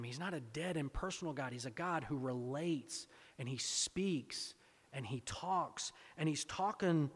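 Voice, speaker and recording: A man with a fairly high voice delivers a sermon, posing questions to his listeners and driving points home through repetition. His words trail off into the long reverb of a big hall. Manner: asks rhetorical questions and repeats phrases for emphasis. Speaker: pastor.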